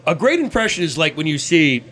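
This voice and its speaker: A man with a high, lively voice hosts a casual podcast chat. He talks in an animated, profane way and keeps slipping into quick impressions between his points. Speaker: podcast host.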